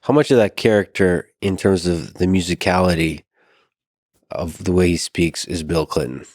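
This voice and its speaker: A man hosting a podcast, asking questions in a soft-spoken, hesitant way with restarts. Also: low-pitched, moderate pace, no echo, studio quality. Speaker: podcast host. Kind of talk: interview questions.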